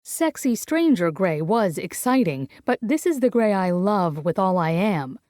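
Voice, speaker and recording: A woman's voice: medium pitch, sing-song, unhurried, darkish tone, no echo, studio quality. Woman narrating a first-person romance. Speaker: audiobook narrator.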